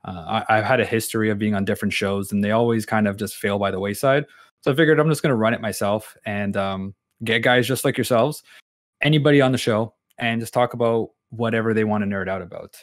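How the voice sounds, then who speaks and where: A man's voice: lowish voice, fast talker, no room sound, studio quality. A man chatting as a podcast guest, easygoing and full of fillers. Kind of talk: casual podcast chat.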